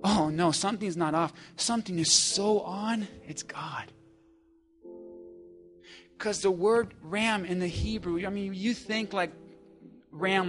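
Male pastor, high and bright, dynamic sermon delivery with crowd call-and-response, soft music bed. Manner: energetic preaching, call-and-response with congregation, shifts from hushed to shouting.

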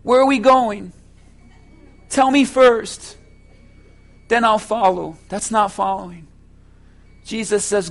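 A man preaching a sermon as pastor, slow and emphatic, asking the congregation rhetorical questions. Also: high-pitched.

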